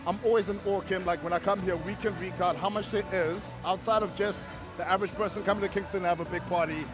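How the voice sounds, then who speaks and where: A man, a former rugby player co-hosting a pre-match show, enthusiastic and quick to agree. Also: high-pitched, steady tone. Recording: music behind at outdoor stadium.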